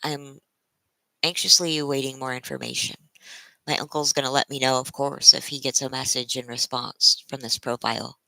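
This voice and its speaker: A tired woman livestreaming to her viewers, close to tears, speaking in halting, emotional bursts and restarting her sentences. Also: a bass voice, steady tone, vocal fry, bright, forceful tone, no room sound, rough recording. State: tired from a sleepless night. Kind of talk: casual live-stream chat.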